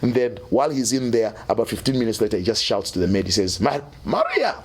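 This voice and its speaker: A male musician, a guest on an interview show, recounting his story in an animated way and often adding "man" and "you know". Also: on the low side, fast.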